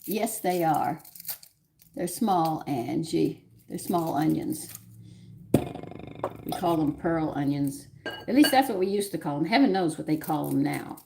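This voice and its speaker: A woman's voice: sits low, lively intonation, normal speed, vocal fry. A woman hosting a home cooking livestream, chatting with viewers, her pet and herself as she works in her kitchen. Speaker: cooking show host. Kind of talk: casual cooking livestream chat. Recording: noisy kitchen with clattering dishes.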